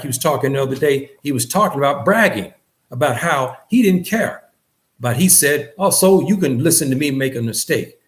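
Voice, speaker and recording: Earnest male teacher giving a faith lesson, mid-pitched voice, repeats himself and lifts pitch for emphasis. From West Africa. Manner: earnest, repeats phrases, pitch rises on key points. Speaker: religious teacher. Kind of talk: lecture.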